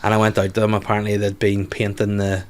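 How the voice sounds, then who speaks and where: A man with a Belfast accent, a podcast guest telling lively anecdotes in casual chat and swearing freely. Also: lowish voice, quick pace. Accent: Northern Irish, Belfast.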